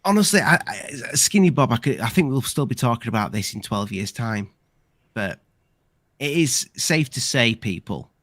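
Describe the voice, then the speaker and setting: A man's voice: medium pitch, big pitch swings, normal speed, fairly bright tone, no room sound. A man hosting a casual live discussion, chatting in a rambling way with many restarts. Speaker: channel host.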